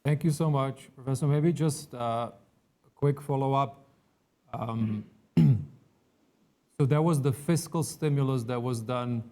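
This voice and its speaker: A man's voice: mid-range voice, takes it slowly, long pauses, mellow. A man moderating a conference panel, asking a guest polite, hesitant follow-up questions.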